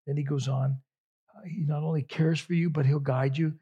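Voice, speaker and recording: A middle-aged man preaching a sermon, slow and reflective with long pauses. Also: on the high side, fairly even intonation, dark tone, slightly rough. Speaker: pastor.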